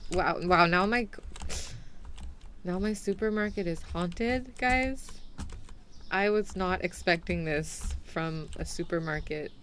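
A woman's voice: mid-range voice, a little hiss or hum. A young woman streaming a game, chatting animatedly with her viewers and laughing often. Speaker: VTuber streamer. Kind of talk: casual gameplay commentary.

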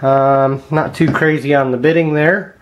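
A man casually talking viewers through picking a lock at his home workbench, thinking aloud with frequent ums and quiet mutters. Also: medium pitch, fairly even intonation, measured pace, highs cut off. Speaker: lockpicking hobbyist. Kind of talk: casual hands-on demonstration vlog.

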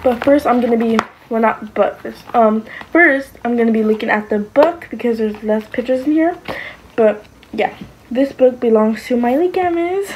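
A woman's voice: fairly high pitch, moderate pace, a little mellow, slight background noise, low-quality recording. A young woman vlogging casually, gushing and exclaiming, sometimes dropping to a whisper. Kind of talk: casual reaction vlog.

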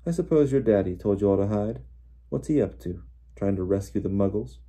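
A man's voice: fairly low pitch, lively intonation, fairly quick, dark tone, breathy edge. A man reading as a drawling sneering teen bully. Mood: mocking. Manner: lazy, mocking drawl.

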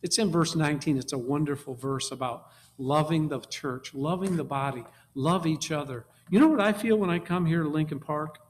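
A man preaching a sermon, emphatic, repeating key words and swinging from quiet low passages to loud exhortation. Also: moderate pace, slight background noise.

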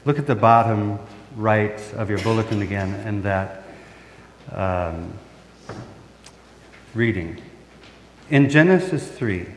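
Male pastor, middle-aged, measured sermon delivery, asks the congregation questions, booming church reverb. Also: animated, a little hiss or hum. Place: church sanctuary.

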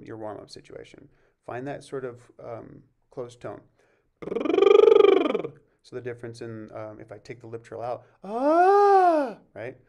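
A man teaching a vocal masterclass, explaining warm-ups and breathing in a relaxed way and breaking off to sing short examples. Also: medium pitch, gravelly. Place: music camp masterclass recording.

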